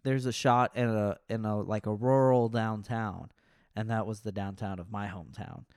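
A man's voice: lowish voice, steady tone, normal speed, darkish tone, clear, resonant tone, no echo, studio quality. A man co-hosting a casual podcast chat, joking around and acting out other people's lines in little quoted voices. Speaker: podcast co-host.

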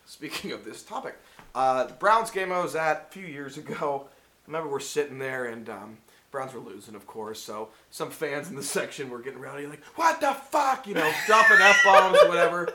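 A man's voice: mid-range voice, a little fast, sharp tone. A man co-hosting a casual podcast chat, rambling and full of filler words. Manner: rambling, heavy on "you know" fillers. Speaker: podcast co-host.

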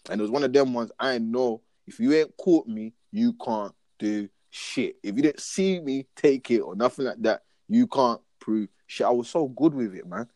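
A man's voice: medium pitch, normal speed, few pauses, dry recording. A young man tells stories in loose, slang-heavy chat, acting out his own old lines as he goes. His voice sits in a middle register and is recorded dry and close. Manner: slangy, keeps asking "do you get what I'm saying"; animated storyteller, acts out his own lines. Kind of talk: casual podcast chat.

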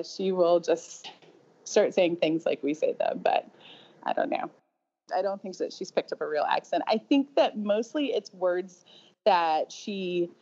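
A woman's voice: lowish voice, a little mellow. Mom chatting about her kid, amused, says like and um a lot, muffled lo-fi audio. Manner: chatty, amused, with likes and ums. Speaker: parent interviewee. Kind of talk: casual anecdote. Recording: dull lo-fi interview audio.

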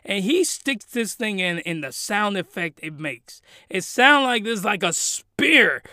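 A young man tells a rambling comedic recap, animated and full of laughs. His voice sits fairly high and sounds very bright and sharp. The recording is close and dry. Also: measured pace, few pauses, no echo. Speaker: youtuber.

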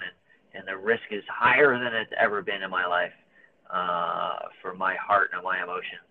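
A man's voice: deep voice, little pitch movement, moderate pace. A man in his thirties talking openly and emotionally as a guest, searching for words with many fillers and restarts. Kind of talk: candid conversation. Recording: phone-like narrow band.

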